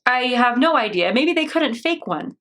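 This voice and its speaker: A woman's voice: high-pitched, sing-song, moderate pace, fairly bright tone. An American woman hosting a reaction video, rambling and laughing often, with a sarcastic edge. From United States. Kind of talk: casual commentary.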